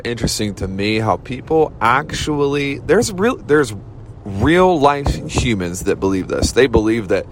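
A man's voice: mid-range voice, fairly bright tone, a little hiss or hum. Blunt, fired-up man hosting a podcast. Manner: blunt, casual, fired-up with slangy greetings. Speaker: podcast host. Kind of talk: motivational monologue.

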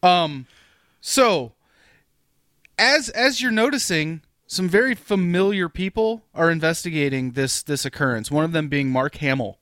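A man with a slightly raised voice, recorded dry and close. He co-hosts a casual podcast, telling stories in an animated way and swearing freely. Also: fairly high pitch, a little slow, no echo. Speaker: podcast co-host. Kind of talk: casual chat.

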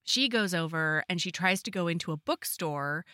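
A woman co-hosting a podcast, recapping a book in lively, conversational chat. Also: lowish voice, normal speed, dry recording, studio quality. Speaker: podcast co-host.

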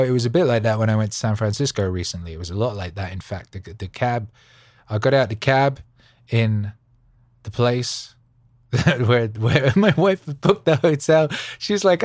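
A man hosting a podcast, rambling casually in an animated, jokey way full of slang. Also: on the low side, a little fast, dry recording, clean studio sound. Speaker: podcast host. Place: Los Angeles studio.

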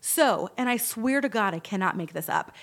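A woman spins a long story in relaxed podcast chat. She speaks at a middling pitch and slips into the voices of the people she quotes. Her talk is lively and salted with curses. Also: normal speed. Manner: animated storyteller, acts out quoted voices, swears freely. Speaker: podcast host.

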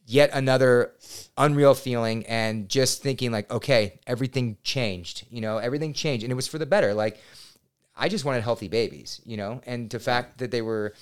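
A man in his thirties, a podcast guest, telling a personal story in a casual, animated and excitable way, swearing now and then. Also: medium pitch, normal speed, smooth. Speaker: podcast guest, real estate agent.

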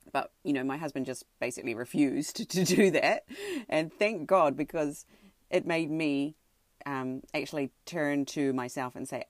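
A woman excitedly telling a personal story from home, full of fillers and restarts. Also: deep voice, moderate pace, dry recording. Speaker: podcaster sharing a personal story. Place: home, sitting on a tatami floor.

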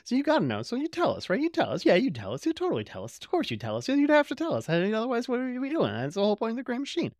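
Insistent alien leader, female, pleading and high-voiced, put on by a man. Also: wildly swooping pitch, very fast, hardly any pauses, a little mellow, no room sound, clean studio sound, heavily acted. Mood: wheedling. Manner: nagging, repetitive pleading.

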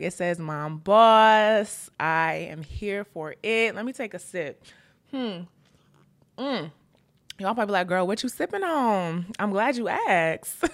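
A woman's voice: medium pitch, fairly bright tone. A young woman, hosting her podcast in a casual, playful chat full of "y'all". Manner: chatty, playful, lots of "y'all" and "child". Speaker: podcast host. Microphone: camera framing, seated host.

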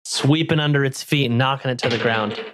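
A man's voice: medium pitch, quick pace, a bit bright, no echo, studio quality. A man playing a tabletop game, describing his character's moves with gusto. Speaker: player. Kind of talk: casual tabletop game play.

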